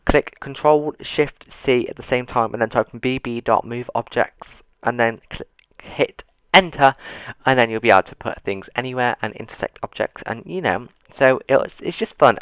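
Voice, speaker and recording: A man talks casually through a game while sitting at his computer. He rambles and drifts into dry, self-mocking sarcasm. His voice comes across smooth and clear, recorded close and dry with no room sound. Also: mid-range voice, a bit bright, dry recording. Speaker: gaming YouTuber. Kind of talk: casual gameplay commentary. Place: seated at a computer.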